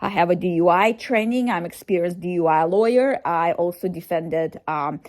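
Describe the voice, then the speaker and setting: A woman's voice: on the low side, moderate pace, darkish tone. Hesitant woman lawyer, many fillers. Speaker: defense attorney. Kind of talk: informational video to camera.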